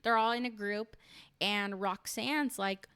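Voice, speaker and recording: A woman's voice: medium pitch, fairly even intonation, takes it slowly, pushed and bright, clean tone, no echo. A woman recapping a reality show in casual, opinionated chat, full of "like" and "um". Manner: chatty and opinionated, lots of "like" and "um".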